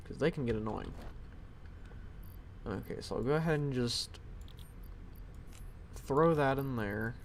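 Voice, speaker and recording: A man's voice: mid-range voice, slight background noise. Rambling young-sounding male game streamer. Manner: rambling, self-deprecating, thinks aloud. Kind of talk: casual live-stream commentary. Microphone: headset.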